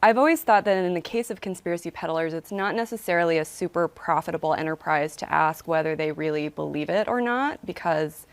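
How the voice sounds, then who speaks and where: Young woman in an interview, kinda low voice, lots of ums and likes, uptalk, dry close sound. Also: brisk, few pauses, smooth, dry recording. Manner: thoughtful, hedging, with fillers and uptalk. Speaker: interviewee, author. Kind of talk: interview answer.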